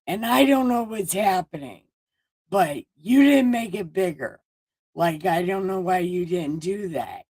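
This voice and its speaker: A woman's voice: deep voice, takes it slowly, darkish tone, dry recording, clean studio sound. A woman voicing a flustered, whiny first man in a comic retelling, complaining and blaming.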